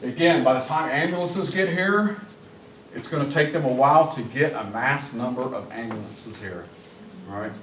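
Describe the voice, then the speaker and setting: A man's voice: medium pitch, normal speed. A man leads a police training session for office staff, speaking bluntly and cracking jokes. His voice sits in an ordinary middle range. The mic picks him up from across an echoing room, with faint noise underneath. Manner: blunt, joking, shouts commands when demonstrating. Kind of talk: live training presentation. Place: office meeting room with audience. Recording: echoey room, mic from a distance.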